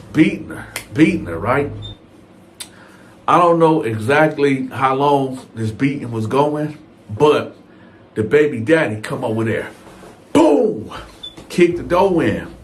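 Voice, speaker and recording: A man narrating a true story in loose, conversational storytime style, full of slang and asides to his listeners. His voice sits in a middle pitch. A faint hiss runs under the speech.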